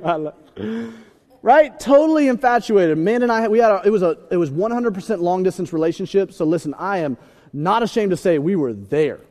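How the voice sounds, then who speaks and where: Lively high-voiced preacher in a hall. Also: male voice, a little fast. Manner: animated, joking, acts out voices. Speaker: pastor. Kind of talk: sermon. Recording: reverberant hall.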